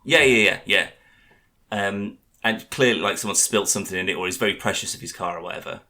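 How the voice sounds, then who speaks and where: A man co-hosting a podcast, talking fast and eagerly in a bright, forceful voice pitched a little low. He tells his stories with animation, acting out the people he quotes. The delivery is loose and casual, with swearing dropped in freely. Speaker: podcast co-host. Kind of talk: casual chat.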